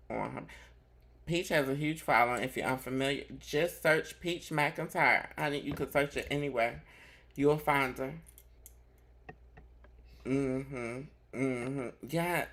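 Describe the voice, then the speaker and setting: A man's voice: medium pitch, fairly bright tone. A man hosting a casual commentary show, chatting straight to his viewers. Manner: chatty, addresses viewers directly. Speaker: host.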